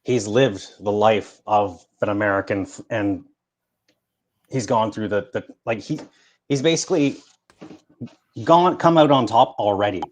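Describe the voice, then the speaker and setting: A man's voice: fairly low pitch, a little slow, long pauses. A man hosting a live call-in stream, casually chatting and agreeing with his caller. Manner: relaxed, agreeable, laughs along. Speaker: stream host. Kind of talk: casual chat.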